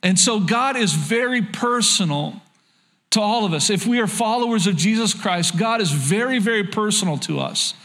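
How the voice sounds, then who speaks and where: A male pastor delivers a sermon in a fairly high voice. He talks earnestly and conversationally, often restarting and repeating words as he reads and explains scripture. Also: expressive, normal speed, fairly bright tone.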